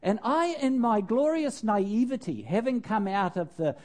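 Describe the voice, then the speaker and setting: An older man, a preacher, telling a personal story in a sermon with animated, self-mocking humor and laughing at himself. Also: sits high, measured pace.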